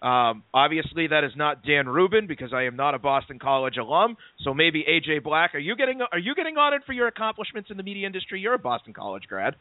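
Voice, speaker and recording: A man hosting a sports talk show, chatty and excitable, throwing in quick asides. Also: fairly high pitch, no room sound. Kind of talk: casual sports radio talk. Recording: dry, tinny phone-like line.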